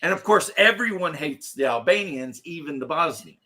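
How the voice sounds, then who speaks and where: A man talking loosely with a co-host, his voice set a bit high and cutting through with a bright, forceful edge. He rambles from point to point and laughs as he goes. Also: expressive, moderate pace. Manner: rambling, laughs often, bursts into shouted imitations. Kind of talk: casual chat.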